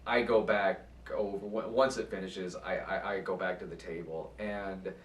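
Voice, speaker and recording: A man hosting his channel, telling a convention story in a casual, animated and profane way, acting out what others said. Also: deep voice, normal speed, a little hiss or hum. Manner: animated, profane, acts out quotes. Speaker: channel host. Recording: echoey room, far from mic.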